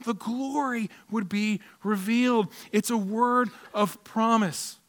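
A man's voice: high voice, steady tone, slow pace. A man preaching a sermon as pastor, building his points with emphatic, repeated phrases. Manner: emphatic, repetitive rhetorical phrasing.

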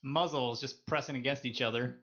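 Bright-voiced joking man. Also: medium pitch, steady tone, fairly quick, dull audio. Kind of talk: casual podcast banter.

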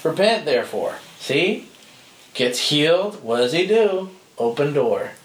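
A man's voice: fairly high pitch, lively intonation, slow pace. A man giving an informal sermon, telling stories in a conversational way and laughing often. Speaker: speaker teaching a church group. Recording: roomy hall with faint ambience.

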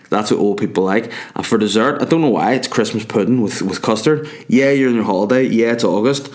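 Man, young, comic monologue, crude, tangential, somewhat low voice. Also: brisk, few pauses, a little mellow. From Ireland. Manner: crude, tangential, full of asides.

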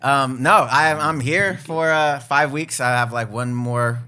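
A man's voice: medium pitch, unhurried, sharp tone. An Australian man guesting on a casual podcast, laid-back and joking as he talks about his work as a producer.

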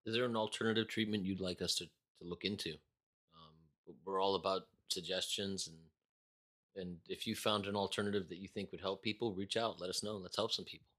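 A man co-hosting a casual podcast, jokey and quick with quips. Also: sits low, steady tone, a bit bright. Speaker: podcast co-host.

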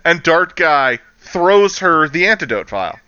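A man chatting casually on a podcast, recapping an episode with lively energy, acting out lines with laughs and swearing. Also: on the high side, a little slow, clear, resonant tone, lo-fi sound. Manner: animated, acts out characters' lines with laughter and swearing. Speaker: podcast co-host. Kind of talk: casual chat recapping a show.

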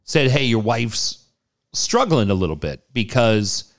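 A man telling a personal story in a casual chat, acting out what people said with big jumps in his voice. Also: unhurried. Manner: animated, acts out quotes with big pitch jumps.

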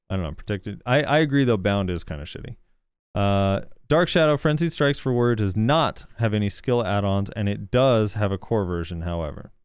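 A fairly low, darkish, smooth male voice belongs to a gaming podcast co-host reading viewer comments. His reactions are casual and hesitant, with lots of fillers, and the recording has no echo.

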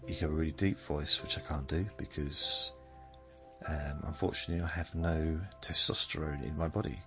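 A man in his seventies hosting a podcast, rambling in a meandering, self-mocking way, with drawn-out phrases. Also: very deep voice, fairly even intonation, bright, forceful tone, soft background music. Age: 70s. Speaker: podcast host. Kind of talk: rambling bedtime monologue.

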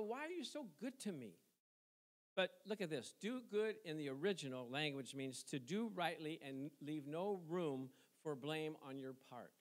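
A middle-aged male pastor preaching a sermon in a conversational way, tossing questions to the congregation and chuckling between points. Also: fairly high pitch. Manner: conversational preaching with call-and-response asides and chuckles.

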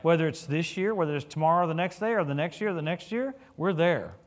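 A middle-aged man preaching a sermon in a church, telling stories with humor and swinging his voice up and down as he gets caught up. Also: fairly quick. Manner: animated storytelling with humor, lively pitch swings. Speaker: guest preacher.

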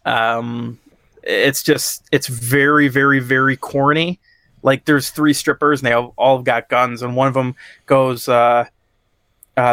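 A man in casual podcast chat, recapping a movie in a loose, rambling way, cursing freely and chuckling at his own tale. His voice sits at a middle pitch and sounds dry and close to the mic, with no room around it. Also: steady tone, measured pace, fairly bright tone, no echo. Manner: rambling, profane, laughs at his own story, acts out quotes. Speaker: podcast co-host reviewing a movie.

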